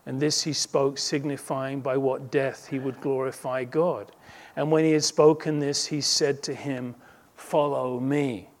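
A man's voice: mid-range voice, flat delivery, unhurried. A man preaching a sermon as a pastor, earnest and emphatic, building intensity through repeated phrases.

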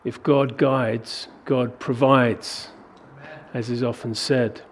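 A man preaching a sermon to a congregation, animated and acting out biblical dialogue in a raised voice. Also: medium pitch, slow, a little hiss or hum. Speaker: pastor.

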